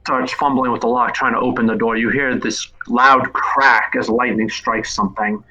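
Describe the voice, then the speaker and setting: A man narrating a tabletop game as game master, descriptive and relaxed. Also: mid-range voice, normal speed, lo-fi sound.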